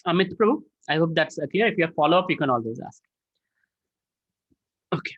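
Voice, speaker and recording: A man's voice: fairly high pitch, fairly quick, no echo. A man teaching a spiritual class online, answering questions and acting out prayers in a raised voice. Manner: lively, acts out prayers in a raised voice. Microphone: video call. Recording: dull lo-fi call audio.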